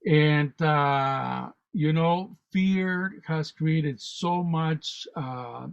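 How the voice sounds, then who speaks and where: A man with a fairly high voice talks as a radio guest, telling spiritual stories and going on about consciousness in an animated, rambling way. He often repeats words as he goes. The audio is dull and lo-fi, like an online radio stream. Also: extremely slow, gravelly, smooth. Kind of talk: spiritual storytelling and talk.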